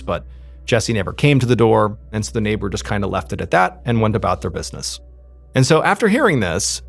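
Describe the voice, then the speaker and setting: Gravelly, animated male true crime narrator. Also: on the low side. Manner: conversational, with many "you know" asides.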